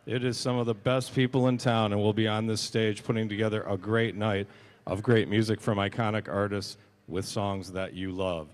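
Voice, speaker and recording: A man's voice: on the low side, steady tone, normal speed. A man hosting a live music night, making upbeat announcements of sponsors and dates. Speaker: event host. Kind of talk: stage announcements. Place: pub stage.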